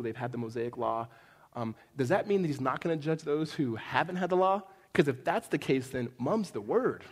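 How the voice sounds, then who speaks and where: A middle-aged male pastor with a slightly high voice preaches in a loose, chatty style, slipping in jokes and asking "right?" after his points. His voice rings out with a long reverb trail, as in a large church hall. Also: slightly rough. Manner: conversational, jokey storytelling with many "right?" asides. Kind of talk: sermon.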